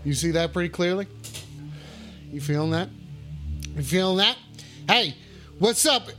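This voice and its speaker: A man hosting a call-in livestream, swearing a lot and shouting the same catchphrase over and over. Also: high voice, lively intonation, a little slow, soft background music. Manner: rowdy, swearing, repeats his shouted catchphrase. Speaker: call-in stream host. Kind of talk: profane casual livestream banter.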